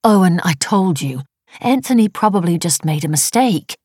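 Woman doing an exasperated middle-aged wife, pleading and sharp, dry close sound. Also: fairly low pitch, lively intonation, moderate pace, breathy edge, no echo, pitched above the performer's own voice.

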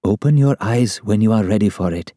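A man voicing a calm, compassionate royal who speaks in a gentle, formal, courtly way. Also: lowish voice, fairly quick, no room sound, studio quality, close to an everyday voice.

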